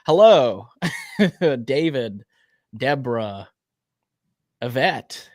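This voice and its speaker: A man's voice: mid-range voice, normal speed, no room sound, studio quality. A man co-hosting a casual live stream, chatty and greeting viewers by name, sometimes tripping over his words. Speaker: livestream co-host.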